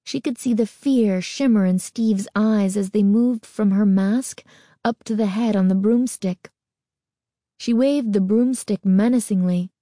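A woman reads a spooky story aloud at a slow, measured pace. Her tone is mellow and dark. The recording is close and dry. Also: mid-range voice, dry recording. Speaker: narrator. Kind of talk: scripted horror story narration.

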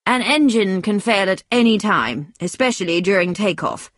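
A woman reading the lines of a calm, firm male flying instructor in a steady, measured way, in a storybook. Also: mid-range voice, no room sound, clean studio sound. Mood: stern.

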